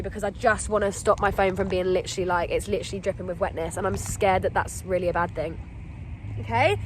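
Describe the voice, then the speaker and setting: A young woman telling a storytime vlog to her phone camera outdoors, animated and acting out her own panic. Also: mid-range voice, a little hiss or hum. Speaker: vlogger. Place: outdoors in wet weather.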